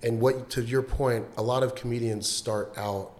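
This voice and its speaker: A man's voice: medium pitch, steady tone, normal speed, darkish tone, echoey room. A stand-up comedian chatting casually and emphatically about his craft. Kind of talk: casual chat.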